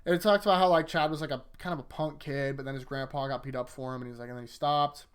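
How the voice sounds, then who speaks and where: An anime rewatch host with a medium-pitched, clear and resonant voice recaps episodes at a quick pace. His retellings are animated, casual and rambling, packed with fillers.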